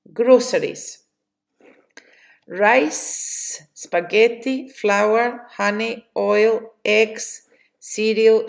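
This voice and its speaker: A Spanish-speaking woman with a Spanish accent teaches English vocabulary. She talks very slowly and carefully, reading out each question and answer. Her voice has a gravelly edge. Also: mid-range voice. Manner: slow and deliberate, reading drill questions and answers. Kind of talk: slow vocabulary lesson.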